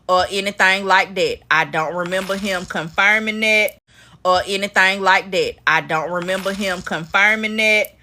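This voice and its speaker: A woman hosting a casual live-stream recap, chatty and animated as she talks to her viewers. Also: mid-range voice, normal speed.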